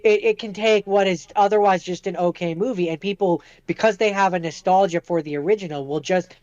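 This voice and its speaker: A man co-hosting a podcast over a remote call, chatting casually about movies in a measured way. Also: sits high, darkish tone, clear, resonant tone, lo-fi sound. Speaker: podcast co-host.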